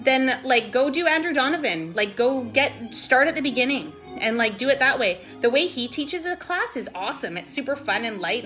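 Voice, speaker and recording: This woman's voice is high-pitched and a bit bright. Vlogging casually to her network marketing team, she rambles and gushes, leaning on "like" and "totally," and sometimes sounds close to crying as she tries to motivate them.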